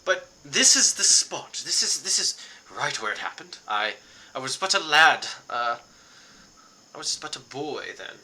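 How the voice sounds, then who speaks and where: A man's voice: fairly high pitch, big pitch swings, a little slow, pushed and bright, exaggerated voice. A man voicing a sweaty, blustering middle-aged hunter who brags and rambles. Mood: flustered. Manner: boastful, flustered and rambling.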